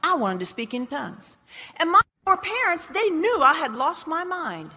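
Bright-voiced woman telling an emotional testimony. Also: very high voice, big pitch swings, moderate pace. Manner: emotional storytelling, big swings between hushed and exclaimed lines. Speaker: speaker giving a testimony. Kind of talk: personal testimony sermon. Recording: long hall reverb.

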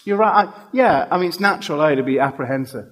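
A man's voice: fairly high pitch, expressive, quick pace, a bit bright. A man putting on the voice of an anxious young woman who keeps agreeing and grows elated about her new job. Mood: agreeable. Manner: eager, repeats herself, gushing.

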